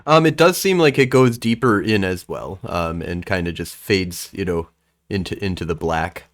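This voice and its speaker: A man narrating a tabletop game as game master in a casual, halting way. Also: low-pitched, animated, a bit bright. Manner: casual, halting, many restarts.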